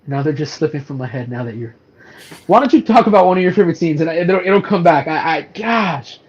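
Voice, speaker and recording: A man's voice: fairly high pitch, expressive, brisk, dull audio, slight background noise. A man co-hosting a casual movie review podcast, animatedly retelling scenes with acted-out quotes and lots of fillers. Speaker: podcast co-host.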